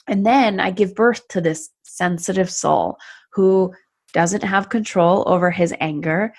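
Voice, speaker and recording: A woman in her thirties, a podcast guest telling her personal story in conversation and acting out what she and others said. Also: lowish voice. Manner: animated, acts out her past self and others in quoted asides.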